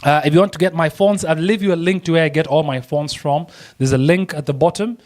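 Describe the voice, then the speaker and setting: A man teaching a design software lesson, chatty and excitable, laughing often as he works. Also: on the high side, fast talker. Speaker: design tutor. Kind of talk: screen-recorded software tutorial.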